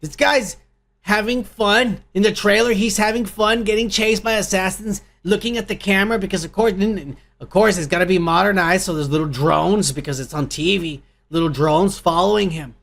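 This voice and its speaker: A man with a gravelly, crackling voice tears into a film trailer, crude and heated, swearing at every turn. His voice sits high for a man. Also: moderate pace, a bit bright. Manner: angry, crude, swears constantly. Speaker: podcast host. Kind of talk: profane ranting movie review.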